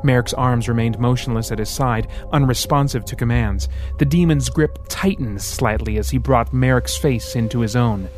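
Guy reading an action audiobook, steady dramatic narration, mid voice. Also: medium pitch, normal speed, few pauses, faint music behind. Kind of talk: scripted narration.

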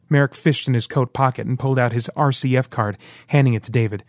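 A man narrating an audiobook in a steady, dramatic storytelling manner. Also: medium pitch, fairly quick, hardly any pauses, no room sound. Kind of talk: scripted narration.

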